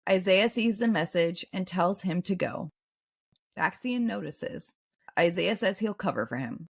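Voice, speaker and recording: A woman hosting a podcast, reading a book recap and breaking into excited asides. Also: fairly low pitch, gravelly, husky. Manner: animated, swings between reading and excited reactions. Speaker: podcast host.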